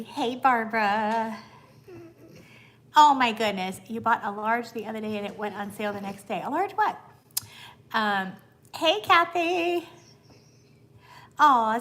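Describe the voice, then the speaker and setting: Bubbly high-voiced woman on a live stream. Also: fairly bright tone. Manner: bubbly, greets viewers and coos to her dog. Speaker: livestream host. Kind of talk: casual live stream chat.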